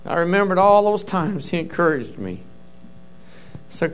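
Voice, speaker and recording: High-voiced fervent preaching man. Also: sing-song, normal speed, smooth. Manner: fervent, storytelling preacher with interjections of praise. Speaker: pastor. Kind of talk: sermon.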